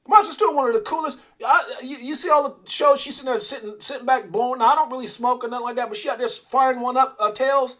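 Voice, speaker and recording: A man's voice: extremely high pitch, quick pace, few pauses. A man hosting a crypto livestream, ranting casually and animatedly, drifting off on tangents and answering his chat. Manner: animated, digressive, talks back to the chat.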